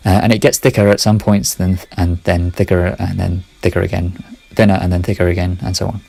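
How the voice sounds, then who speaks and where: A man's voice: deep voice, level tone, fairly quick, vocal fry, darkish tone. A man talking through his ideas in a casual monologue, rambling, correcting himself and muttering asides under his breath.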